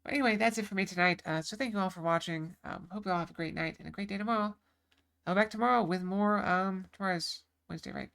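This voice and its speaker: A woman's voice: mid-range voice, fast talker, gravelly, fairly bright tone. A woman game streamer talking casually on a live stream, rambling with lots of fillers and restarts, from a home setup.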